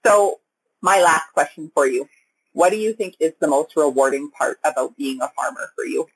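A woman's voice: deep voice, animated, normal speed, breathy edge, no room sound. A woman hosting a podcast, chatting casually and speaking straight to her listeners in an upbeat way. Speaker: podcast host. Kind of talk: casual podcast interview and sign-off.

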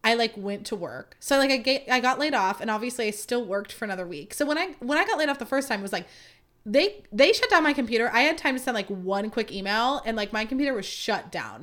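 A woman's voice: on the high side, lively intonation, brisk, fairly bright tone. A woman in her thirties, a podcast host, telling a story in a casual, chatty way with lots of asides to her listeners. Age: 30s.

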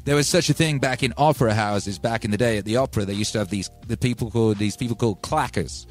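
A man from England hosting a livestream, telling stories in a rambling, animated way with many asides. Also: on the low side, fast talker, faint music behind. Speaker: livestream host and music producer. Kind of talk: casual storytelling on a stream.

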